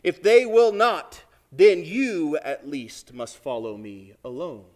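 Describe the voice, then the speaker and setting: A man's voice: a little high, slow, darkish tone. A man voicing a wise, commanding male lion as he reads aloud from a storybook in a sermon. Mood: urgent.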